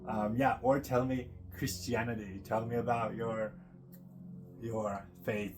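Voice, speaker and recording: A man's voice: on the low side, flat delivery, slow, over music. A man vlogging in a casual, meandering monologue, full of fillers and frequent laughs. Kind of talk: casual rambling monologue to camera.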